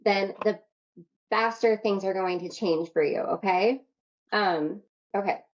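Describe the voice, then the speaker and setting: Young woman coach hyped and swearing, kinda muffled lo-fi sound, medium pitch. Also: slow. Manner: energetic, casual, swears freely. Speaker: self-love coach and podcast host. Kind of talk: workshop talk to an online audience.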